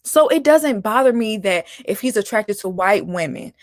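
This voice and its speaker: A woman vlogger delivers a casual opinion rant, sassy and animated, breaking into laughter. Her voice sits at a medium pitch, and the sound is dry and close. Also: moderate pace, no room sound. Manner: animated and sassy, laughing, calling out with "honey" and "baby". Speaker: vlogger host.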